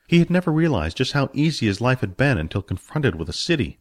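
A man narrating a fantasy storybook audiobook in an expressive storytelling manner. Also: medium pitch, fast, hardly any pauses, no room sound, studio quality.

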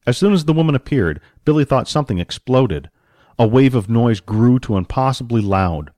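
A man narrating an audiobook story with expressive storytelling and varied pacing. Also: mid-range voice, moderate pace, dry recording, clean studio sound.

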